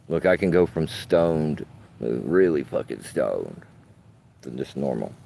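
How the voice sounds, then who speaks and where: A man's voice: extremely low pitch, vocal fry, a little mellow. A man talking casually to his phone camera in a park, rambling and swearing with streetwise slang. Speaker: vlogger.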